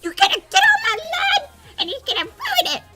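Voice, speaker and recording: A woman voicing a cranky old lady who shouts fast and shrill at kids on her lawn. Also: wildly swooping pitch, full character voice. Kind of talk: live-stream voice impression.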